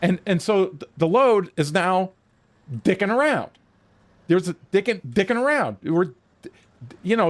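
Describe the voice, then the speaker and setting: An older man casually telling a military story while streaming a game, profane and animated, acting out the exchanges he quotes. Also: sits high.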